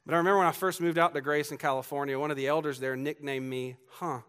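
A man's voice: fairly high pitch, steady tone, rapid-fire, fairly bright tone, clean tone. Earnest man preaching, faint Southern accent. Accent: Southern US, faded. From Georgia, US. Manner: earnest, builds emphasis on repeated quotes, with asides to the congregation. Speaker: pastor. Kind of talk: expository sermon.

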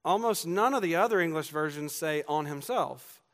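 An earnest man preaching a verse-by-verse sermon, his voice pitched a little high for a man. A faint Southern accent from Georgia still colors his words. He presses hard on repeated lines and breaks off for asides to the congregation. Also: lively intonation, normal speed. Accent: Southern US, faded. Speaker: pastor. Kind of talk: expository sermon.

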